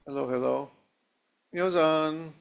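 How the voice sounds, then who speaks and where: A man hosting a video call, joking and teasing to fill a pause. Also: a little high, fairly even intonation, gravelly, clear, resonant tone. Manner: playful, teasing. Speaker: host.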